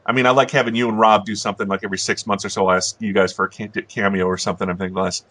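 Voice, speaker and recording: A man's voice: fairly low pitch, level tone, rapid-fire, a bit bright, no room sound. A man hosting a casual commentary chat, rambling and self-deprecating with frequent chuckles. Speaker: host.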